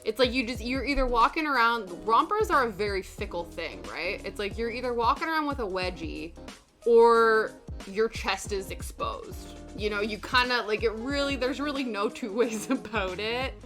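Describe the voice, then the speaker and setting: A woman's voice: fairly high pitch, lively intonation, moderate pace, fairly bright tone. A young woman chatting casually while she cross stitches on a stream, rambling through stories and answering chat. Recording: background music under voice.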